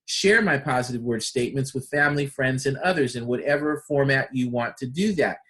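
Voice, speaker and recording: A man's voice: medium pitch, a little fast, a bit bright. A man teaching a personal development training session, enthusiastic and full of rhetorical questions and repeated phrases. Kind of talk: instructional talk.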